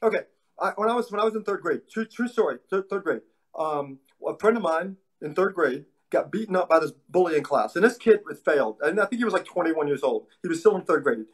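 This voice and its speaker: A man with a fairly high voice tells stories in a casual interview. He is animated and lively, and he acts out other people's lines as he goes. He is a martial arts instructor talking shop. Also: a little fast.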